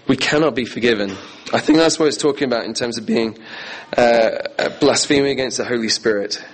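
A man's voice: medium pitch, a little fast, poor audio. A man preaching a sermon in an earnest, emphatic way, repeating key phrases.

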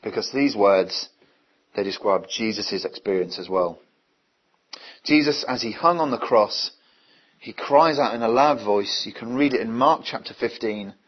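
A man's voice: lowish voice, a little slow, breathy edge. A man preaching a sermon earnestly, asking his listeners many rhetorical questions. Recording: dull, lo-fi recording.

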